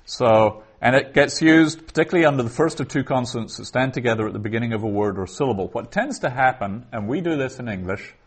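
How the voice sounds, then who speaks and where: A man teaching a Hebrew lesson, explaining slowly and thinking aloud with frequent restarts. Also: mid-range voice, animated, husky. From the West. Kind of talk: lecture on Biblical Hebrew.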